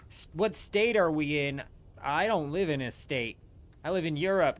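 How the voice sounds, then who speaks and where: A man's voice: on the high side, normal speed. A man streaming a game live, chatting casually and rambling with his viewers, dropping swear words as he goes. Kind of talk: casual livestream chat while gaming.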